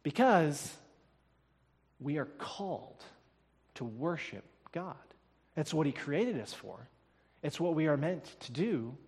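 Male preacher with a high voice, emphatic delivery that climbs to loud declarations, recorded in a reverberant church. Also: expressive, slow, pauses often, breathy edge. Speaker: pastor. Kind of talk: sermon. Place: church sanctuary. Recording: long reverb of a church hall.

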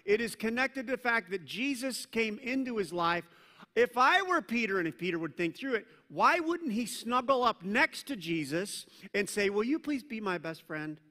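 A man preaching a sermon as pastor, swinging from loud emphatic peaks down to low, quiet stretches. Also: very animated, normal speed. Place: church sanctuary. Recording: long hall reverb.

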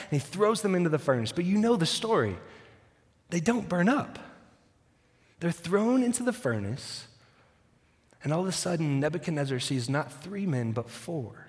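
A man preaches a sermon, retelling the story with dry humor and acting out the quotes. His voice sits a bit high for a man. It rings with the long reverb of a large church hall. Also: animated, moderate pace. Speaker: pastor.

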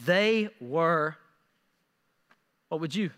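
A man preaching a sermon, animated and repeating words as he acts out scripture quotes. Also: fairly high pitch, drawn-out words, clear, resonant tone, long reverb tail. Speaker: pastor.

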